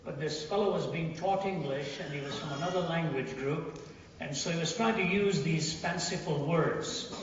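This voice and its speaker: A man giving a talk, setting up a humorous story with a halting, restarting delivery. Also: on the high side, dull audio, a little hiss or hum. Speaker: speaker. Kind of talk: sermon storytelling. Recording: echoey hall, far from mic, ambience.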